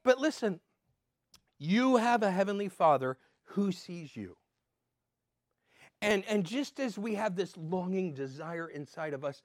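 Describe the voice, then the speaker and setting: An older man giving an earnest sermon as a pastor, swinging between emphatic and soft. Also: sits high, expressive, a little slow, dry recording, clean studio sound.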